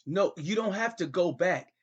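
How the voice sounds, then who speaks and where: A man's voice: high-pitched, expressive, moderate pace, slightly rough, muffled recording. A middle-aged man hosting a comedy show, talking as a father on a call in a pleading, repetitive, exasperated way.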